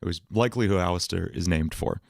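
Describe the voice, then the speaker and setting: A man's voice: low voice, quick pace, gravelly, no echo. A man hosting a casual livestream, thinking aloud as he tries out words for a song. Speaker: livestream host writing songs.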